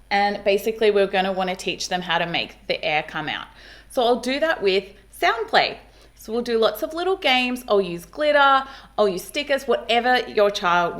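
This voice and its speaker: Upbeat woman explaining. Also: medium pitch. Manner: upbeat, animated, modelling speech sounds. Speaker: speech pathologist. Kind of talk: explaining to parents on camera.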